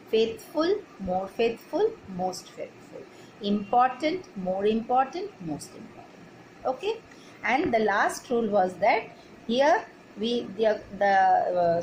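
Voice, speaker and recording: A woman's voice: mid-range voice, a little mellow, slight background noise, rough recording. A woman teacher giving a class lesson, explaining rules methodically and spelling words out letter by letter. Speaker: English teacher. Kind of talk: recorded online class lesson.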